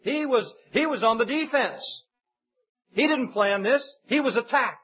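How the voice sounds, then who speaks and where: High husky guy preaching, chatty, acts out voices, dull lo-fi recording. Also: animated, a little slow. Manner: conversational preaching, mimics voices in quotes. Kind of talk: sermon. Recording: dull lo-fi sound.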